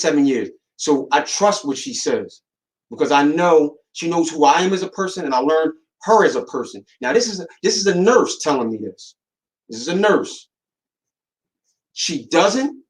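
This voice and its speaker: A man holds forth on his podcast in a casual, storytelling monologue. His voice sits slightly high for a man. He hammers his points home through repetition and gets animated when recounting what others said. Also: rough recording. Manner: animated, rising in pitch when recounting dialogue; emphatic and repetitive. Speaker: podcast host.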